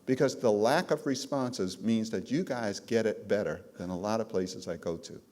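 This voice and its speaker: A man's voice: on the low side, moderate pace, a little mellow. A man giving a presentation on trauma to a live audience of care providers, telling stories with emphasis and calling out to the crowd. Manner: emphatic storytelling, calls out to the audience. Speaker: trauma trainer.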